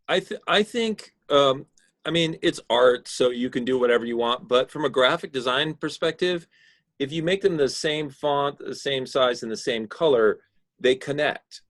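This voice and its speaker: A man's voice: medium pitch, normal speed, a bit bright, no room sound, studio quality. A man teaching a class, patiently giving design critique and explaining his reasoning over a video call. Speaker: instructor.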